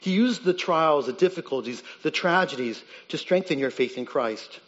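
A man preaching a sermon as pastor, earnest and emphatic, rising on key points and dropping low and quiet on others. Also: expressive, normal speed, in a large hall, muffled recording.

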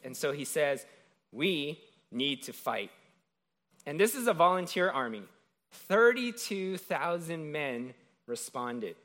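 Retelling a story from scripture, this preacher keeps his sermon conversational and frequently asks "right?". His voice is a little high with a fairly bright tone.

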